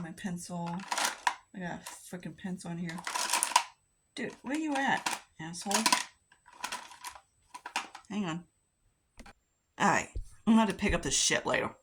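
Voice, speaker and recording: A woman's voice: fairly low pitch, noisy background. Rambling, cussing woman vlogger. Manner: rambling, profane, chatty. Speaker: beauty vlogger. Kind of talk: casual get-ready-with-me chat.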